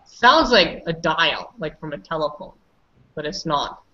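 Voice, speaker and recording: A woman's voice: deep voice, expressive, a little slow, bright, forceful tone, highs cut off. A woman teaching an online English pronunciation class, patiently correcting and prompting her students.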